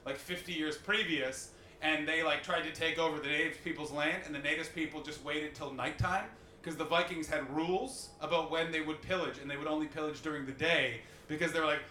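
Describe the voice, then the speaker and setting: A man's voice: on the high side, fairly even intonation, a little fast, bright, forceful tone, echoey room, a little hiss or hum. A man in his twenties from Canada hosting a live comedy podcast, riffing profanely on audience members. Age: 20s. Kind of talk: live stand-up podcast banter.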